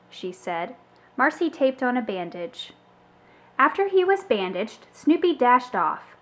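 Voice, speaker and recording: A woman reading a children's book aloud as a storyteller, with expressive, animated delivery. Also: a little high, measured pace.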